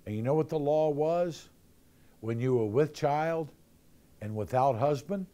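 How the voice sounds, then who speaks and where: A man's voice: fairly high pitch, measured pace, warm tone. A man giving a sermon, talking conversationally and telling jokey stories. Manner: conversational, jokey storytelling with acted-out voices. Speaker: preacher.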